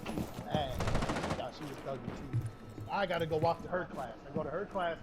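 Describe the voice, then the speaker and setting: A man's voice: on the high side, brisk, very noisy. A young man casually telling a profane story while gaming, acting out each quote. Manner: profane, acts out every quote. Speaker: streamer. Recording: loud game gunfire behind.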